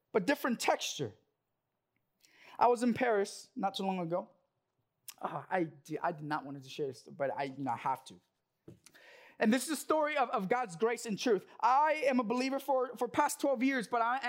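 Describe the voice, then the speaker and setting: Young male preacher, earnest and joking, sermon built around a personal story. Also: high-pitched. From Korean American. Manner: earnest, casual storytelling with jokes. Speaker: church speaker.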